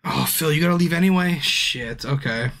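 A man's voice: fairly high pitch, normal speed, creaky, a bit bright. Drunk, swearing man streaming a game. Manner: frustrated, swears a lot, talks to viewers by name. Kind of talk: casual live-stream chat.

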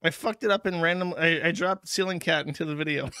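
A man's voice: fairly high pitch, sharp tone, clean tone, no echo. A man hosting a stream and giving casual, wry commentary over clips. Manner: dry, wry, rambling. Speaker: show host.

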